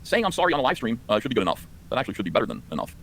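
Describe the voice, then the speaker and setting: A man's voice: mid-range voice, very animated, rapid-fire, creaky, a bit bright. A man reacting to clips on a live stream, exasperated and ranting, his voice climbing when indignant. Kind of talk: heated live stream commentary.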